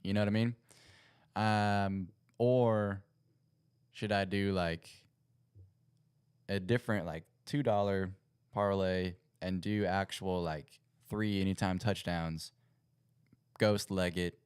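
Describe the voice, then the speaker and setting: Young male host with a low, resonant voice, chatty and self-correcting on a home livestream. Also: steady tone, slow pace, long pauses, a little mellow, smooth, dry recording, studio quality. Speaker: podcast host. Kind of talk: casual livestream chat. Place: home setup at a computer.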